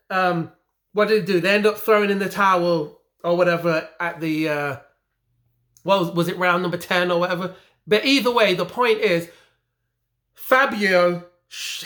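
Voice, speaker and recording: English man, high-pitched voice, indignant ranting, emphatic and repetitive. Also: a bit bright. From England. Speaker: boxing commentary vlogger. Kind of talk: heated opinion rant.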